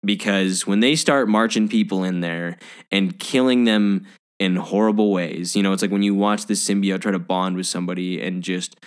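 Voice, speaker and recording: A man's voice: low voice, moderate pace, clear, resonant tone. A man co-hosting a casual movie chat, rambling with many restarts as he talks through his points. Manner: rambling, full of fillers and restarts. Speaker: podcast co-host.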